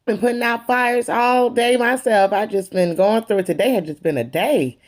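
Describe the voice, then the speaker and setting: A woman's voice: on the high side, normal speed, pitched above the performer's own voice, close to an everyday voice. A woman impersonating a breezy, unbothered middle-aged reality-TV woman with an airy, dismissive lilt.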